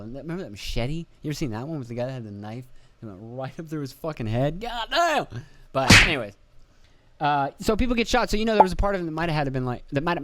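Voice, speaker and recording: A man's voice: a little high, dry recording. A young man hosting a podcast, rambling in a casual monologue, swearing freely and jokingly acting out other people's voices. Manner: swearing, jokey, acts out quoted voices. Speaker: podcast host.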